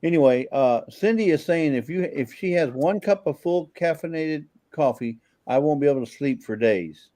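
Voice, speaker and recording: A man's voice: a little high, lively intonation, normal speed, few pauses, dark tone, dry recording. A man chatting casually over a video call, easygoing and dropping in "you know" a lot. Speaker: regular on a group chat show. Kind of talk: casual chat.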